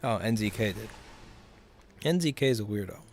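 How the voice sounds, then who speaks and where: Animated, cursing man streaming a game. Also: on the low side, normal speed, slight background noise. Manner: swears often, rants in frustration, talks to chat. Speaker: livestreamer playing a video game. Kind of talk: casual live game commentary. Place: at a computer while streaming.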